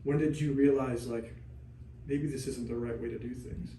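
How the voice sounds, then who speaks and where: A man's voice: medium pitch, fairly even intonation, moderate pace, mellow, recorded from a distance, a little hiss or hum. A man co-hosting a podcast who prompts his partner with casual follow-up questions. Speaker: podcast co-host. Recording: echoey room, voice off-mic.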